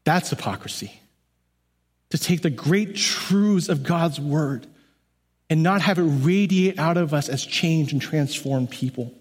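A man's voice: a little high, unhurried, slightly rough. A man who leads church music, preaching an earnest, emphatic but conversational sermon. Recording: long hall reverb.

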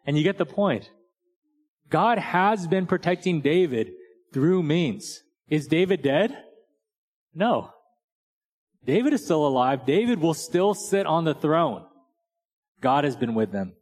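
A man's voice: fairly high pitch, lively intonation, slow, pauses often, darkish tone. Conversational male preacher in a reverberant hall. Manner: conversational, tells jokes and stories, many "right?" asides. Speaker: pastor. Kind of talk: sermon.

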